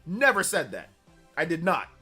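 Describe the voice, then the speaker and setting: A man's voice: a little high, huge pitch swings, moderate pace, pushed and bright, husky. A young man hosting a casual livestream, defensively answering chat comments and repeating his point, with music playing behind him. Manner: defensive, repeats himself, argumentative. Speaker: livestream host. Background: background music.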